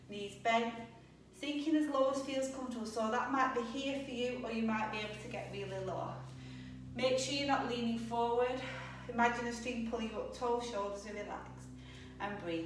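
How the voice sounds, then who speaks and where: A young adult woman teaching a yoga class, calmly cueing breaths and poses, a little out of breath. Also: fairly high pitch, a little hiss or hum. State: slightly out of breath. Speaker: yoga instructor. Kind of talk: guided yoga class instruction. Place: yoga studio. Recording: echoey room, voice a bit distant.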